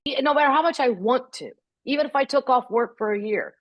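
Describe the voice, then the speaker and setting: A middle-aged woman, a comedian, telling stories about caring for her parents with quick asides. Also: sits high, no echo, dull audio. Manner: lively, animated delivery with quick asides. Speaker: guest comedian. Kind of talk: comic storytelling in a podcast chat.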